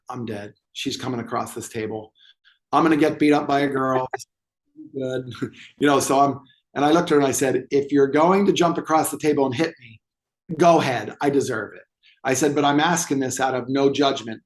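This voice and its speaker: A man telling a client story as a guest in an interview, acting out the dialogue with animation. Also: mid-range voice. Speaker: movement therapy expert guest.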